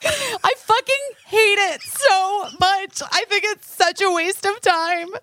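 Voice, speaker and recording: A woman's voice: very high voice, slow, dry recording, studio quality. A woman chatting casually, swearing freely and poking fun at herself. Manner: animated, swears freely, self-mocking. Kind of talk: casual chat.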